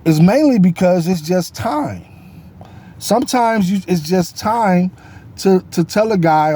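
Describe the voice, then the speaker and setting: A man's voice: sits high, expressive, measured pace, dark tone, a little hiss or hum. A man giving casual solo sports talk as a host, rambling and correcting himself with many fillers.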